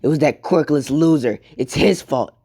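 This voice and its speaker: A man voicing a spiteful young male bully who speaks flatly and shifts the blame, in a fan story. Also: on the high side, moderate pace, creaky.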